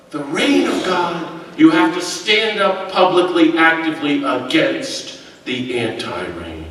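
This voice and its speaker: A man's voice: on the high side, a bit bright, slight background noise. A man from the United States giving a keynote speech as a priest, telling stories with self-deprecating humor and acting out quotes. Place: large echoey hall. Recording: echoey hall from far off.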